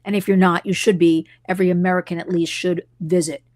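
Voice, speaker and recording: A woman's voice: lowish voice, flat delivery, fast talker, a little mellow, no echo. A middle-aged woman hosting a live stream, talking to her viewers with passion and wandering into side stories. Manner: passionate, digressive storytelling. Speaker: host and advocate.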